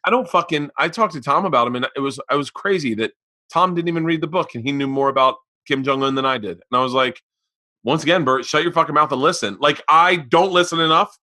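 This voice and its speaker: Casting: brash middle-aged male podcast host, bright and forceful, swears freely and plays out every character in his stories. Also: a little high, fast talker. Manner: loud, profane storyteller acting out voices. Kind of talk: casual chat.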